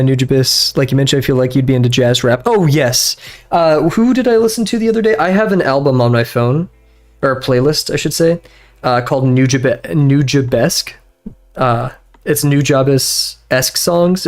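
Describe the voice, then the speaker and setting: This young man has a medium-pitched, darkish voice and chats casually while drawing on a stream from his bedroom. His talk meanders and wanders off, heavy with fillers and restarts, and broken up by frequent laughter.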